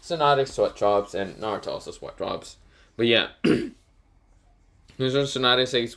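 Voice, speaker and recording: A man's voice: medium pitch, lively intonation, takes it slowly, gravelly, long pauses, fairly bright tone. A man narrating an improvised fan story, rambling with lots of fillers and self-corrections.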